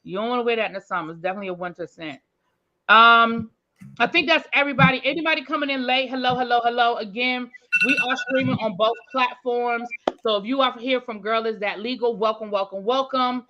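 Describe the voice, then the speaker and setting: A woman's voice: fairly high pitch, steady tone, a little fast, noisy background. A woman hosting a casual livestream, greeting viewers by name in a chatty, familiar way. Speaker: livestream host. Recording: slightly dull lo-fi stream audio.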